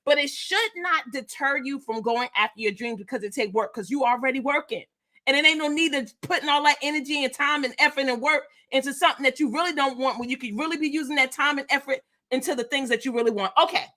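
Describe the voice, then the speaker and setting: A middle-aged businesswoman with a slightly high voice coaches her live chat directly. Her motivational talk is energetic and preachy.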